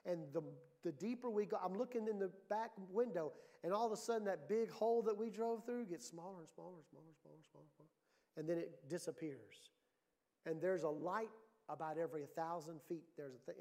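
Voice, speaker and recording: A middle-aged male pastor delivers a sermon in a high-pitched voice. He tells stories with an animated lilt and swells into loud, emphatic lines. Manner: animated storytelling preacher, rising to loud emphasis.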